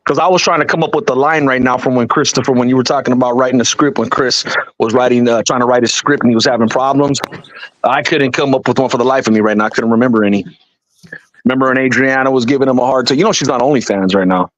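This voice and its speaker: A man's voice: mid-range voice, quick pace, no room sound, dull audio. A man hosting a casual chat, laid-back and profane, laughing easily.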